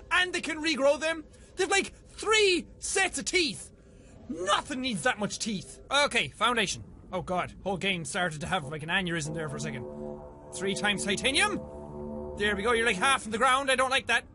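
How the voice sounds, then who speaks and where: Very high-pitched, excitable male gamer. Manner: excitable, swears freely, yelps when startled. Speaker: let's play gamer. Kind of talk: casual gameplay commentary.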